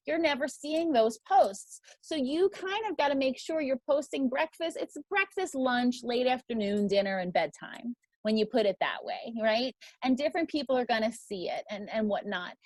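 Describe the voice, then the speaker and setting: A woman's voice: high-pitched, no room sound. A woman teaching a crowdfunding class, upbeat and emphatic. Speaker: crowdfunding instructor.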